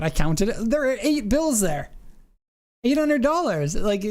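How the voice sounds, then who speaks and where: A man hosting a casual podcast, telling stories in an animated way and acting out the people in them. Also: a little high, normal speed, gravelly. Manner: animated storyteller, acts out the people in his stories. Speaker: podcast host, car exporter.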